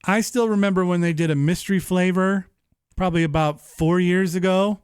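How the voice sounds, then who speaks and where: A man in his thirties hosting a live-streamed show, chatting casually in an animated, profane, rambling way. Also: high-pitched, a little fast, clear, resonant tone, no echo, studio quality. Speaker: livestream show host.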